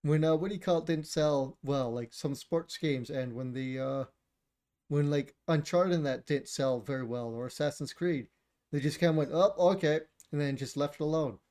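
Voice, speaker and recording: A man's voice: a little high, moderate pace, a little mellow. Regular voiced guy ranting about consoles, swears a lot, laughs along. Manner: blunt, opinionated, swears, laughs often. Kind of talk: casual chat about video games.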